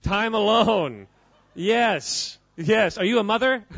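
A man's voice: high-pitched, lively intonation, normal speed, fairly bright tone, no room sound, lo-fi sound. A man giving an informal, joking talk to a live audience, quizzing the crowd as he goes. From United States. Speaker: speaker at a church gathering.

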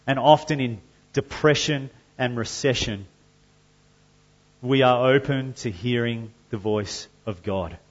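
A man preaching a sermon to his church, measured and earnest, with loud emphatic passages when he reads scripture. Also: mid-range voice, dull audio. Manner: slow and deliberate, rising to loud emphatic scripture reading. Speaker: pastor.

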